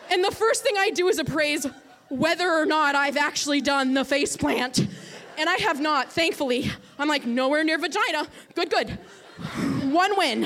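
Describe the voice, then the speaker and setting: A young woman in her twenties with a bright, high voice tells a funny personal story. She is animated and self-mocking, acting out the other voices in the tale and breaking into loud bursts when the story heats up. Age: 20s. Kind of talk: personal story, stand-up style.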